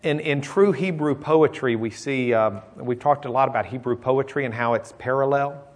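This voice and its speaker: A man preaching a sermon in a folksy, conversational way, telling jokes and moving between loud emphasis and quiet, intimate passages. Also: medium pitch, moderate pace.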